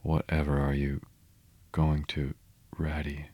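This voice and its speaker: A man's voice: very deep voice, monotone, slow, darkish tone, a little hiss or hum. A man voicing a tearful, timid little male mole who talks in a broken, sobbing way. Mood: pleading.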